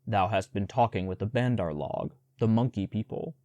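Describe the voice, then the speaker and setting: Baloo is an old, gruff male bear from a storybook, lecturing slowly and earnestly, as a male reader puts him on. His voice sits low and mellow. The recording is dry and close. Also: expressive, no echo, muffled recording. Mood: stern scolding. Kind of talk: storybook audiobook reading.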